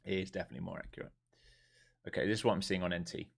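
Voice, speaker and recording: A man's voice: sits low, fairly even intonation, very fast, creaky, slightly rough. A man live-streaming his day trading who talks bluntly, swears freely and fires questions at his viewers before answering them himself. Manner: wound up and emphatic.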